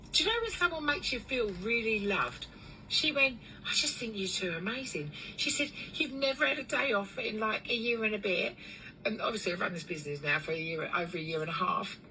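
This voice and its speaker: A woman who runs a cleaning business, telling a long story in a chatty, animated way with lots of fillers. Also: a little high, brisk, distant mic, a little hiss or hum, rough recording. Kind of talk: casual storytelling vlog.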